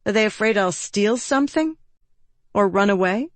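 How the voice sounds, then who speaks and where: A woman's voice: mid-range voice, lively intonation, moderate pace, no room sound, pitched above the performer's own voice, natural voice. Woman reading a curt, sardonic young woman. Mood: dry, sardonic. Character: tired, sharp-tongued young woman magician.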